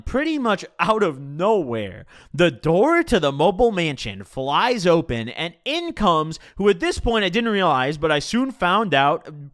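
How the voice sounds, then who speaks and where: A young man telling a casual, profane story in his own voice. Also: sits high. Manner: casual and profane, animated retelling.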